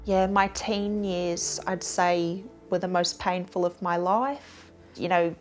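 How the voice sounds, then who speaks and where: A woman's voice: on the low side, fairly even intonation, slow pace, faint music behind. A woman with an Australian accent answering interview questions in a plain, literal way, recalling exact dates.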